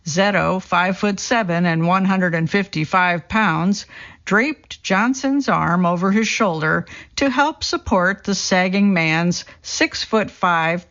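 A gravelly, fry-edged voice reads a true story as scripted narration, keeping a steady storytelling pace and folding the quotes into the same delivery. The recording sounds dull and lo-fi. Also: mid-range voice. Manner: steady storytelling read, quoting people in the same voice.

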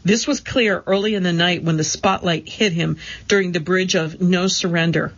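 A woman giving a steady, measured scripted narration of magazine articles. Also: fairly low pitch, muffled recording.

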